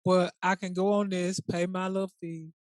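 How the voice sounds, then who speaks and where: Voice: medium pitch, flat delivery, no echo. Sassy chatty podcast co-host. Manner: sassy, colloquial, quick to react. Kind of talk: casual chat.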